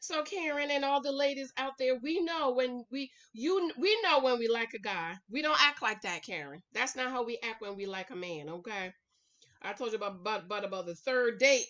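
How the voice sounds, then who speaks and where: A woman's voice: on the high side, normal speed, fairly bright tone, highs cut off. A woman recording a casual, sassy recap vlog at home, chatting to her viewers and calling them y'all, honey and girl. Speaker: reality TV recap vlogger.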